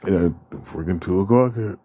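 A man's voice: low voice, normal speed, warm tone, husky. A man hosting a podcast, ranting casually and profanely in a rambling way. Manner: profane, rambling, acts out quoted exchanges. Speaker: podcast host.

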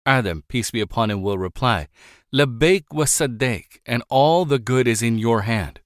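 Male audiobook reader, mid-pitched, formal and measured recitation, dry close sound. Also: lively intonation, no echo. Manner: measured, formal recitation with reverent drops on honorifics. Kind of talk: scripted religious text reading.

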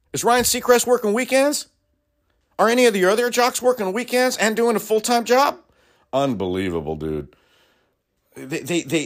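Man, fiery monologue, swearing, very animated pitch, mid-range voice. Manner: heated, profane, swings from low mutters to loud outbursts. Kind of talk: impassioned political rant.

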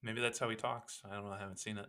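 A man's voice: fairly low pitch, flat delivery, rapid-fire, crowd noise. A man co-hosting a podcast in casual chat, rambling and joking with many fillers. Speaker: podcast co-host.

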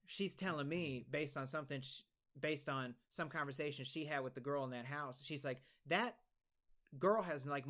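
Here a young podcast co-host tells a lengthy tale, his casual delivery wandering, profane, and constantly restarting. He has a mid-range, fairly bright male voice.

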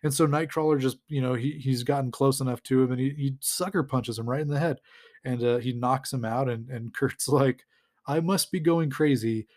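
A man's voice: mid-range voice, fairly even intonation, fairly quick, darkish tone. A man hosting a podcast, casually recapping a comic in a rambling way with lots of fillers and chuckles. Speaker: podcast host.

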